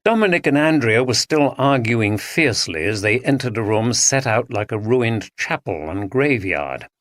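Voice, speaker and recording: Lively, expressive male audiobook narrator. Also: mid-range voice, normal speed, no echo, studio quality. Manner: expressive storytelling. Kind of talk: scripted narration.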